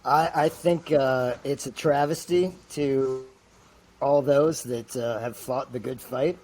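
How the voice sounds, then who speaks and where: A man appearing as a guest, telling stories in a casual, halting way with many restarts. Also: medium pitch, fairly even intonation, a little mellow. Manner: halting, full of fillers and restarts. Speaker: guest actor. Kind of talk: casual storytelling.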